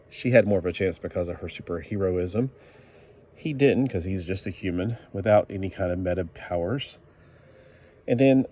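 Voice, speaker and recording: A man's voice: deep voice, mellow. A man giving a casual comic book review, rambling along with fillers and self-corrections.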